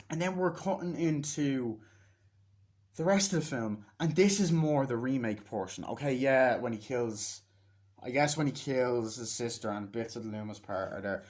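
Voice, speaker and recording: A man's voice: mid-range voice, darkish tone. A man giving a casual, rambling movie review, swearing freely and acting out scenes in different voices. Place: self-recorded on a battery-powered device.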